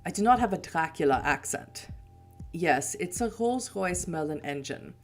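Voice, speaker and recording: Stern old-world vampire prince, formal and cold, read by a low-voiced woman. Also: animated, faint music behind. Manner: formal, measured, threatening.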